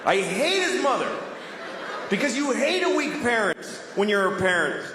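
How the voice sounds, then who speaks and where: Profane ranting comedian. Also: male voice, very high-pitched, big pitch swings, unhurried, noisy background. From Boston. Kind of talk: stand-up comedy. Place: comedy club stage. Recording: roomy club with audience laughter.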